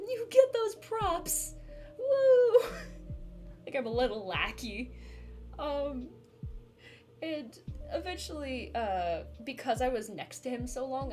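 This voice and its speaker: A woman streamer telling a story to her chat in a chatty, animated way, laughing often and filling with "like". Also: on the low side. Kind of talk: casual storytelling to a live chat.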